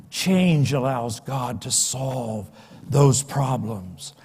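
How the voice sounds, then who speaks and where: An older man preaches a sermon in a high voice, turning dramatic as he swings from loud cries to near-whispers. His voice rings out with the long reverb of a big church hall. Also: husky. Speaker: pastor. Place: church sanctuary.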